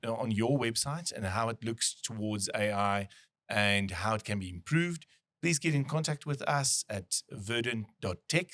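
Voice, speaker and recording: A man's voice: on the low side, unhurried, a bit bright. A man hosting a business podcast, talking casually and thinking aloud with frequent restarts. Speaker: podcast host.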